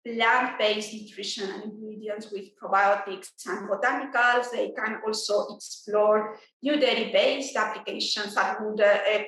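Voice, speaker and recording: A woman speaking as an industry guest in a business interview, measured, with frequent fillers and restarts. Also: medium pitch, a bit bright, very echoey, recorded from a distance, a little hiss or hum, poor audio.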